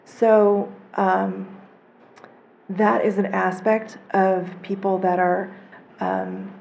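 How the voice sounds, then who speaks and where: A woman in the audience speaking slowly and deliberately as she asks the panel a question. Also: mid-range voice, level tone, darkish tone, slight background noise. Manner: slow, measured, gravelly. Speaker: audience member asking a question. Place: convention panel room.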